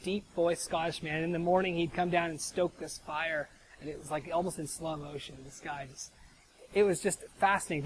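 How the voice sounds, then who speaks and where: A man's voice: a little high, a little hiss or hum, poor audio. An American man preaching a sermon in a chatty way, often checking in with "right?". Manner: chatty, asks rhetorical "right?". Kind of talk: conversational sermon.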